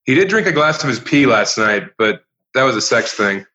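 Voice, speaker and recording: Lively bright man, dull lo-fi sound. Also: medium pitch, moderate pace. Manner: wry, laughing, deadpan jokes. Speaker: guest comedian. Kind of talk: casual chat.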